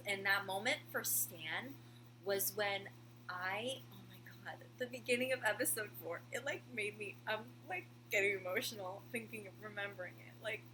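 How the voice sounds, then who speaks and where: A woman chatting casually as a video host at home, gushing and excitable, with lots of "like" in her talk. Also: medium pitch, noisy background. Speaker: video host reviewing a TV show. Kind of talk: casual chat. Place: room at home with a heater running.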